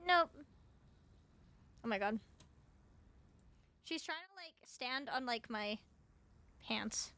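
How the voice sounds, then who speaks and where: Young woman, streamer, high voice, bright tone, cooing baby talk, casual chat. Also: expressive, slow, long pauses. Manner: baby-talk to her cat, giggly.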